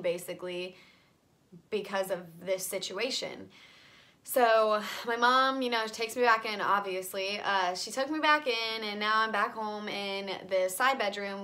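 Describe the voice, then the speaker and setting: A young woman talks straight to her camera from her bedroom. Her voice is bright and forward, and she tells her story in a loose, rambling way, full of "like" and "you know". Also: medium pitch. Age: young adult. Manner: rambling, filler-heavy, frequent "like" and "you know". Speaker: vlogger. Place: home bedroom.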